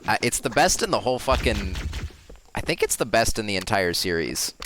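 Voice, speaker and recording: A man's voice: lowish voice, very animated, brisk, fairly bright tone. Laid-back man rambling over gameplay. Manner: rambling, loose, swears casually. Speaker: let's play host. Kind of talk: casual gameplay commentary. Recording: game audio noise behind.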